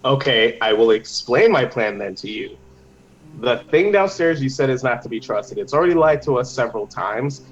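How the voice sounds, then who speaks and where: A man's voice: medium pitch, animated, moderate pace. Plotting man in a lo-fi game recording. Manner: plotting, laughs often. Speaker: player. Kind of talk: tabletop game play, casual. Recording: dull lo-fi sound.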